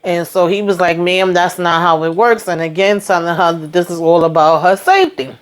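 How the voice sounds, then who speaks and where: A woman with a slightly low voice recaps a TV drama in a chatty, casual way. She acts out the characters' lines in quick quoted voices and keeps breaking off for her own asides. A slight cold sits in her voice. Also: fairly even intonation. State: coming down with a cold. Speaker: TV recap host.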